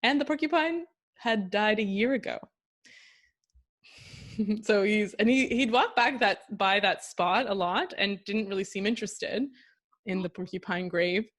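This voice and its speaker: A woman guest chatting casually and telling lively anecdotes, acting out her dog's thoughts. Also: mid-range voice, unhurried. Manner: lively storyteller who mimics her dog.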